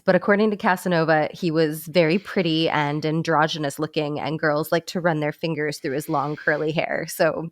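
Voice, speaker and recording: A woman's voice: low voice, steady tone, normal speed, dry recording. A woman co-hosting a comedy podcast, reading a story from notes with small stumbles and giggles. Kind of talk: casual comedy podcast narration.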